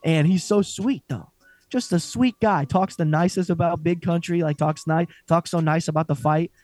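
A man's voice: on the high side, normal speed, no room sound. A young man co-hosting a casual fight-talk podcast, swearing freely and laughing often as he chats. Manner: profane, animated, laughs often. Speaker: podcast co-host. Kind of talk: casual chat.

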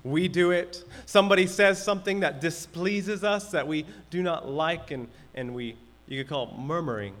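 A man's voice: fairly high pitch, moderate pace, few pauses, fairly bright tone. A man pastor preaching a sermon in a conversational way, acting out everyday complaints.

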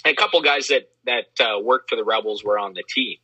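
A man in casual chat, telling lively, self-deprecating stories with a husky voice. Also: fairly low pitch, fast, no echo, dull audio. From Western Canada. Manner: animated, self-deprecating storyteller.

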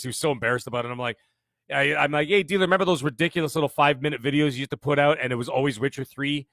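Canadian man in his fifties, quick energetic guest, slightly high voice, dry close sound. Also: no room sound. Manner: fast, energetic storytelling with frequent restarts. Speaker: podcaster guest. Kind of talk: casual interview chat.

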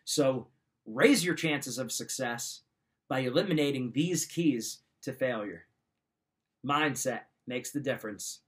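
A man hosting a podcast gives motivational advice in an emphatic, direct style, repeating his points. His medium-pitched voice is animated but slow.

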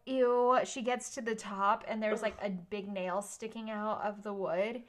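A woman's voice: mid-range voice, fairly even intonation, a little slow. Podcast co-host, woman, loose rambling recap, lots of fillers, salty language. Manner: rambling recap, heavy on "like" and "um", swears freely. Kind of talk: casual movie recap chat.

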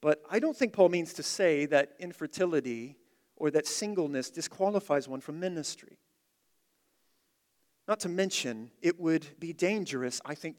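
Emphatic male preacher in reverberant hall. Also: fairly high pitch. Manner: emphatic, repeats key phrases, swings from loud to quiet. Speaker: pastor. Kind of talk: expository sermon.

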